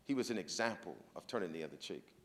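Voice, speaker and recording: A man's voice: low-pitched, animated, fast, fairly bright tone. A man giving a talk at an interfaith symposium in a casual, searching manner. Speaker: symposium speaker. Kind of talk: conversational talk.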